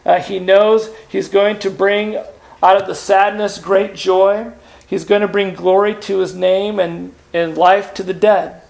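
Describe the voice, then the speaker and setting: Preaching a sermon, a male pastor speaks earnestly in a fairly high, gravelly, creaky voice that is also a little mellow. His pitch barely moves, and his pace is measured as he drops in "uh" and poses rhetorical questions.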